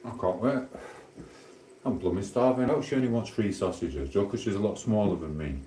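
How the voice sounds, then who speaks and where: Middle-aged man, Sheffield Yorkshire accent, rambling matey livestream chat, warm low voice, echoing room. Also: brisk, slight background noise. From Sheffield, South Yorkshire. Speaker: livestream host. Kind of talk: casual livestream chat while cooking.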